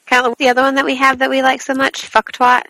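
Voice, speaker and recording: A woman with a bright, fairly high voice, chatting casually as a podcast co-host. She trips over her words and laughs at her own slips. The sound is close and dry, with no room echo. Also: monotone, fast talker. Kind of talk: casual chat and reading a book blurb aloud.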